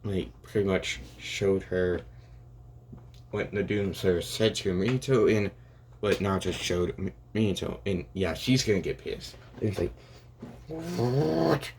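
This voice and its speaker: A man's voice: low voice, unhurried, a little mellow, slight background noise. A young man improvising a rambling fan story aloud, full of restarts and "and he's like" asides. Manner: rambling, many restarts and "and it's like".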